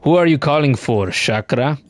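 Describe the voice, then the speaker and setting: A man's voice: mid-range voice, expressive, voice pushed down, lightly acted. A man voicing a grave female warrior in a game. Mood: solemn. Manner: measured, grave reading of game dialogue. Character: solemn female warrior seeking her mentor.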